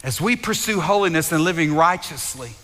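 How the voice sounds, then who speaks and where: A man's voice: fairly high pitch, expressive, fairly quick, pushed and bright. A man preaching a sermon to his congregation, fervent and repetitive, often doubling his words and speaking straight to the listeners. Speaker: pastor. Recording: long reverb of a large hall.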